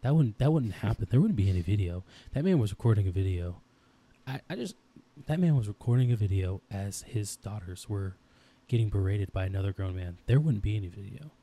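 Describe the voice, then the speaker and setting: Husky and dark, this low male voice has lively intonation and a fairly quick pace. The speaker, a podcast co-host in his thirties, talks intensely about his daughters on a casual podcast, rambling and frequently starting over.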